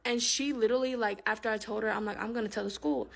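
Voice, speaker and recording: Candid woman with a gravelly voice. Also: a little high, fairly even intonation, fast talker. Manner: candid, emphatic, drops to hushed tones. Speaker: storyteller. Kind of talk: storytime monologue.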